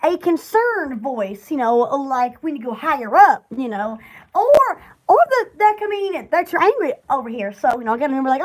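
High-voiced, giggly Southern woman. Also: very animated, fairly quick. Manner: rambling and giggly. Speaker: country store owner. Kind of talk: casual live-stream chat.

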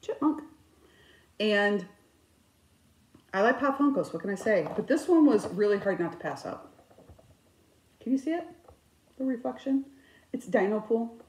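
A woman in her fifties chatting casually about her crafts, with self-mocking, animated storytelling. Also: medium pitch, moderate pace, long pauses, slight background noise. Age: 50s. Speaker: cross-stitch vlogger. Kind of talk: casual chat. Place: indoors, her craft room. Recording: echoey room.

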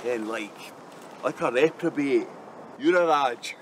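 An actor playing a crude, swaggering male debt-collecting gangster who talks in slow, menacing pauses. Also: mid-range voice, a little hiss or hum, lightly acted.

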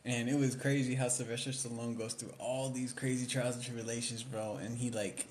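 A man's voice: medium pitch, little pitch movement, a little fast, a little hiss or hum. A young man in casual chat, rambling in slang about favorite movies and mimicking lines he likes. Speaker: vlogger.

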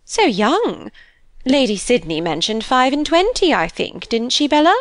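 A woman's voice: high-pitched, big pitch swings, unhurried, no room sound, pitched above the performer's own voice. A woman voicing a fussy, complaining older aristocratic mother in an audiobook, speaking in an injured, fretful tone. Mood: prying.

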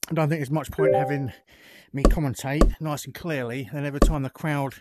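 Brisk and a little high, with fairly even intonation, this male VR content creator chats casually through his gameplay, musing aloud as he adjusts settings. His headset's own mic records it all, with the game's loud cricket crowd and clicking bats layered over his speech.

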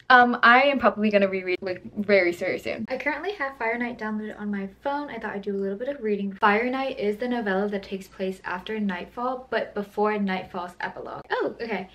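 Woman book vlogger, casual and excitable, chatty delivery that trips over itself. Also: mid-range voice, brisk, few pauses. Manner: chatty and gushing, with frequent restarts. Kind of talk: casual reading vlog chat.

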